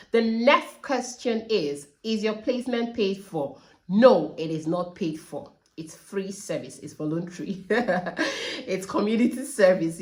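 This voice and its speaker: A woman vlogging casual question-and-answer advice as a trainee teacher, earnest and emphatic, repeating key points and laughing now and then. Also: low-pitched.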